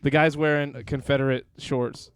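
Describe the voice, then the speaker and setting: A man hosting a podcast in casual chat, joking and swearing through quick banter. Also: a little high, little pitch movement, clean tone, no room sound. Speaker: podcast host and streamer.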